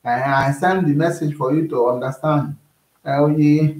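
A Nigerian man with a fairly high voice talks casually to camera, rambling on and on. He keeps checking in with the listener, saying "you understand me?" again and again. The room around him rings with echo. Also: measured pace. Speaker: vlogger.

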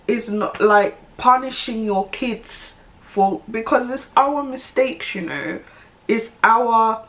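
A woman's voice: a little high, slow, a bit bright. A young woman, giving her opinion in a casual vlog, emphatic and repeating her points. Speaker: vlogger.

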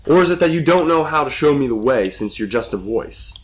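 A man's voice: medium pitch, lively intonation, a little fast, pitched above the performer's own voice, close to an everyday voice. A man playing a frustrated young man trapped in a cave, firing off urgent questions at a mysterious voice.

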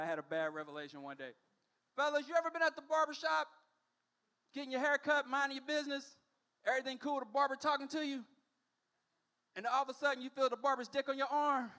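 A man in his forties on a comedy club stage, working a stand-up set into a handheld mic. His voice sits very high for a man and rings bright and forceful. He tells his stories with animation and slips into other people's voices. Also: a little fast, pauses often, clean tone. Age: 40s.

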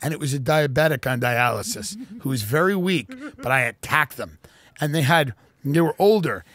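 A man hosting a podcast, doing a profane, deadpan comedic ad read that swings into shouted rants. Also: mid-range voice, normal speed. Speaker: podcast host reading ads.

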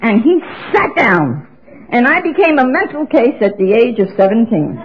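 A woman in her seventies from New York, telling her story as a speaker at a recovery meeting in an auditorium, with lively exclamations. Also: a little high, normal speed, a little hiss or hum. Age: 70s. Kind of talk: recovery talk to an audience. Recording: dull lo-fi recording.

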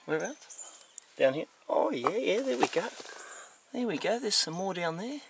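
A man with an Australian accent, chatting excitedly on a camera as he climbs through the bush. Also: high-pitched, moderate pace, vocal fry, a little hiss or hum. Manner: excited, chatty, calls everyone mate. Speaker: bushwalker filming. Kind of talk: casual outdoor vlog. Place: outdoors in the bush, climbing a hill.

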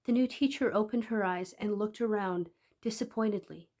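A woman reading a story aloud in a calm, measured storytelling manner. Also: mid-range voice. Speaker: reader.

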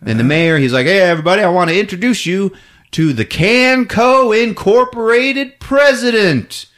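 A man hosting a comedy podcast, recapping a film with lots of laughter and quick character impressions. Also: sits high. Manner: animated, laughs often, acts out characters.

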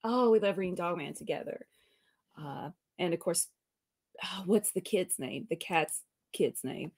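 On a live comics stream, this female co-host reads the chat out loud, giggles a lot and frequently lets her sentences trail away in casual talk. Her voice is on the low side, a bit mellow and slightly rough, with lively intonation and an unhurried pace.

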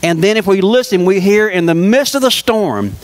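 A man's voice: high-pitched, normal speed, rough recording. A man preaching a sermon, telling stories with lots of rhetorical questions to the congregation.

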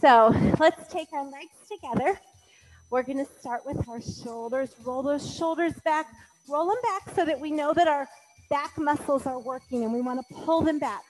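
A woman's voice: high-pitched, normal speed, a little mellow, low-quality recording. A woman fitness instructor calling out moves in an exercise class, encouraging and counting, a little out of breath.

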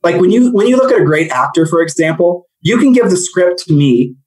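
Male guest, slightly husky, fairly high voice, talks fast in stops and starts, lots of asides. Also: poor audio. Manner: animated, rambling, jokey storyteller. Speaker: real estate coach, guest. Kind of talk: casual podcast chat.

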